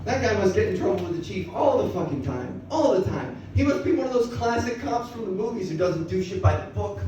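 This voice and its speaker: High-voiced man doing stand-up in a bar. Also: lively intonation, brisk, highs cut off, a little hiss or hum. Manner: loose, profane storytelling. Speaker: stand-up comedian. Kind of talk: stand-up set. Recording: echoey bar from far off with loud crowd.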